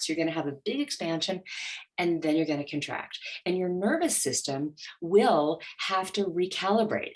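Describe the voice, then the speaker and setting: A middle-aged woman, a money mindset coach, telling her story in an interview and acting out her inner voice. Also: low-pitched. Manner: animated, acts out her inner voice.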